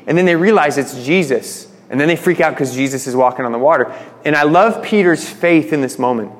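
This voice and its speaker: A man's voice: on the high side, a little fast, big-room sound. A man preaching a sermon in a conversational way, retelling stories with voiced quotes. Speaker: pastor.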